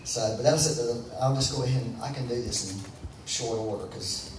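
An American man preaches in a church sanctuary, folksy and conversational, calling for the congregation to respond. His mid-range voice moves at a normal pace. The roomy recording is distant, with faint background noise.

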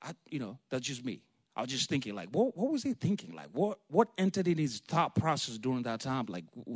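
A man's voice: medium pitch, big pitch swings, a little fast, breathy edge, no echo, studio quality. A man giving an informal Bible teaching, talking conversationally and retelling scenes in casual slang. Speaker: preacher.

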